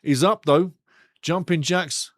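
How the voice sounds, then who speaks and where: A man with a fairly high voice speaks slowly in a clean studio recording with no room sound. He hosts a live football watch-along, casually calling the action and chatting with viewers. His commentary is loose and rambling, full of banter with the chat.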